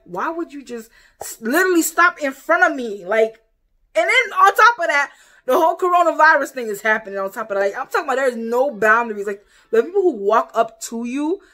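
A young woman from the United States telling a story to camera in a casual, animated way, acting out what other people said. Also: medium pitch. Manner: animated, quotes people in exaggerated voices. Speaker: vlogger.

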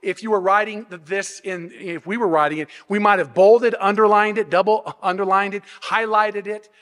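A man's voice: high voice, steady tone, normal speed, a bit bright. A man pastor preaching an expository sermon, explaining step by step with rhetorical questions and frequent restarts. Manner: frequent restarts and repeated words. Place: church sanctuary. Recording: long hall reverb.

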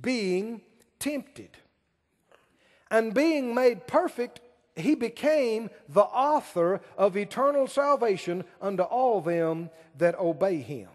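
High, lively-voiced male preacher in a hall. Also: slow. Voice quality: emphatic, asks the congregation questions and drags out key words. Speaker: pastor. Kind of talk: sermon.

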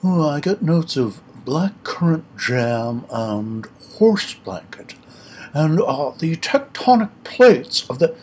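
A precious, pompous wine snob, put on by a man telling a joke. He speaks in an affected, drawn-out way that leaps up high in pitch, with a slightly husky edge. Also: very animated, a little mellow, full character voice. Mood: pretentious. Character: pompous male wine snob, fussy and refined.

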